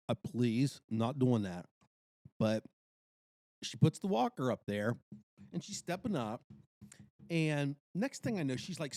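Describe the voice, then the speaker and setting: A middle-aged man telling a story in casual podcast chat, animated and exclaiming. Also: mid-range voice, no room sound, studio quality. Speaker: podcast co-host.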